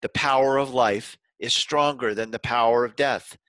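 A man delivers a sermon with a bright, forward voice, recorded dry and close with no room sound. He retells scripture in a casual, conversational way, sometimes restarting phrases and slowing down to stress his main points. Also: mid-range voice, fairly even intonation, dry recording, low-quality recording. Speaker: pastor.

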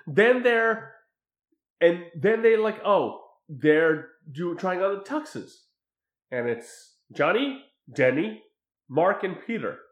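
A man casually recapping a film scene by scene, crude and animated, mimicking the characters' lines as he goes. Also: sits high, slow pace, echoey room, dull audio. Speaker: podcast co-host recapping a film. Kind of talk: casual chat.

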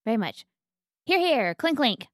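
A woman's voice: fairly high pitch, sing-song, a little slow, a little hiss or hum. A woman co-hosting a board game podcast, playful and jokey, giggling often, on a mic on a stand. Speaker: podcast co-host. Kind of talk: casual chat.

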